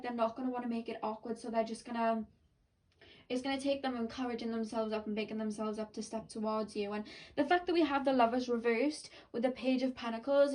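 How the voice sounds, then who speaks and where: A woman's voice: fairly high pitch, a little mellow, distant mic. A woman giving a pick-a-card tarot reading, rambling and full of "like" and self-corrections. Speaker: tarot reader.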